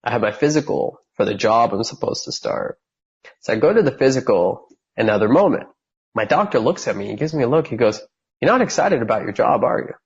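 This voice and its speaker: This lo-fi clip features a man in his thirties from California, guesting on a podcast with a fairly quick, mid-range voice that carries vocal fry and a slight roughness. Full of energy, he tells his story and performs the voices of the people he quotes.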